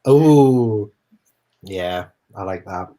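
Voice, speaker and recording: Chat guest: slow, husky voice, quick reactions, lively in pitch. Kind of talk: casual group chat.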